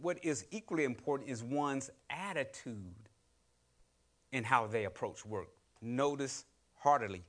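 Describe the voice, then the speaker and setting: A middle-aged man preaching a sermon, using call-and-response with the congregation and acting out grumbling people in quoted asides. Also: mid-range voice. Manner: call-and-response preaching, rising to loud exhortation. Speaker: lay preacher.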